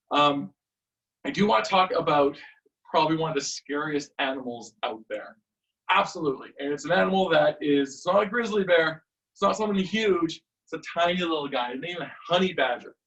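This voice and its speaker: A man teaching a live-streamed martial arts class, talking in a chatty, animated storytelling way with lots of fillers. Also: a little high, distant mic, lo-fi sound.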